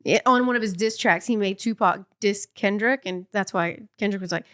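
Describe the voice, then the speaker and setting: A woman co-hosting a podcast in casual chat, explaining things in quick, chatty bursts full of fillers like "like.". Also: mid-range voice, fairly bright tone. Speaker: podcast co-host.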